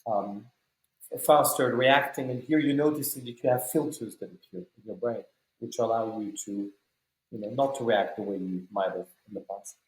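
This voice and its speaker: A man hosting a podcast, asking long, measured, winding questions full of fillers. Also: mid-range voice. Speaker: podcast host. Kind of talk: conversational podcast interview. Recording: echoey room.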